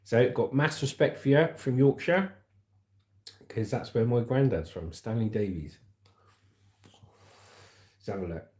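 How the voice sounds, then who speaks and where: Chatty livestream host, mellow tone, echoey room. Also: male voice, mid-range voice, a little slow, long pauses. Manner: chatty, rambling, calls viewers "mate". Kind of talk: casual livestream chat and news reading.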